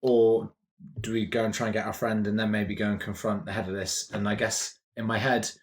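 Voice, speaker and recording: A man playing a tabletop game who thinks aloud over his options in a low voice. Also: level tone, a little fast. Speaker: player.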